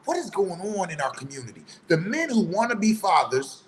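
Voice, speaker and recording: A man's voice: high-pitched, very animated, brisk, a little hiss or hum, rough recording. A man giving a heated, preachy opinion monologue in casual, colloquial speech. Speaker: online commentator.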